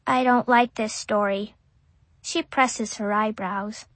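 Little boy storyteller, a woman putting him on, slow careful words, very literal, dry close sound. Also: medium pitch, steady tone, fairly bright tone, dry recording. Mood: curious. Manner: childlike, literal and wondering. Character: curious five-year-old boy, earnest and innocent. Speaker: child narrator. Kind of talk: audiobook narration.

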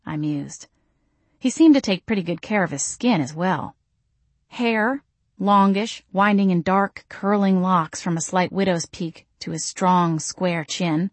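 A woman's voice: lowish voice, measured pace, no echo. A woman reading a first-person audiobook in a wry, self-deprecating way. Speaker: audiobook narrator.

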